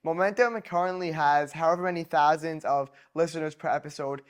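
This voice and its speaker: A man hosting a podcast who gives short encouraging reactions and reads an ad quickly. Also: on the high side. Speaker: podcast host. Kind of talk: casual interview and ad read.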